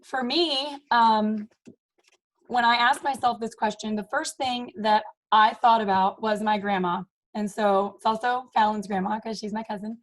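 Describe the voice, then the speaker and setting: A woman's voice: fairly high pitch, fairly even intonation, a little slow, rough recording. Upbeat woman giving a motivational team talk. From Maryland, US. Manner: upbeat, emphatic, repeats "you guys" and "okay?". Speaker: team leader.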